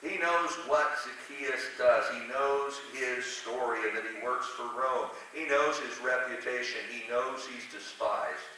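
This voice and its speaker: A man's voice: mid-range voice, measured pace, hardly any pauses, pushed and bright. A man preaching a sermon in a conversational, self-deprecating way, with asides and restarts, recorded in a church sanctuary. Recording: echoey church hall from a distant mic with hiss.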